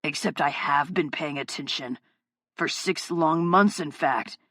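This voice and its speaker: A woman voicing a gruff, hot-tempered male FBI agent in an audiobook, curt and swearing. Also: low-pitched, unhurried, fairly bright tone, no echo, clean studio sound, voice pushed down. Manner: curt, swearing, mutters darkly. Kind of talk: audiobook character voice.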